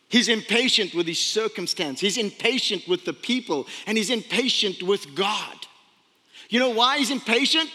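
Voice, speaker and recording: A man preaching a sermon, retelling a story with animated voices for its characters. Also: high-pitched. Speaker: pastor. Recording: long hall reverb.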